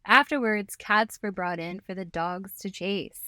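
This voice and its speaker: A woman's voice: medium pitch, unhurried, bright, forceful tone, no echo. Female co-host, playful and laughing storyteller, dry studio sound. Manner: giggly storyteller, playful asides. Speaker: podcast co-host. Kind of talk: casual history chat.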